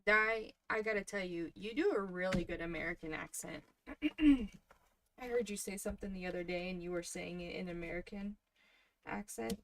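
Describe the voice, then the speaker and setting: A woman in her thirties hosting a crafting livestream, chatting softly and casually with her viewers while she works. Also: lowish voice, moderate pace, a little hiss or hum. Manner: soft-spoken, chatty, talks to viewers in the chat.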